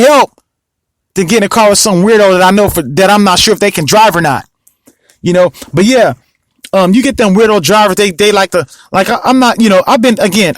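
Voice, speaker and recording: A man's voice: sits high, dry recording, rough recording. A man hosting a podcast, talking in a rambling, emphatic monologue full of restarts and asides to the listener. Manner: rambling, repeats himself, lots of restarts; emphatic, asks the listener often. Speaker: podcast host. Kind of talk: casual monologue.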